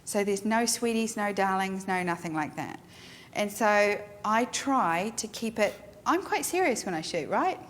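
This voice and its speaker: Frank, animated middle-aged woman leading a studio workshop; echoey hall sound, faint noise. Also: medium pitch, measured pace. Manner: frank, emphatic, animated storyteller. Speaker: photographer teaching a workshop. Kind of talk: instructional talk to a class. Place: photo studio.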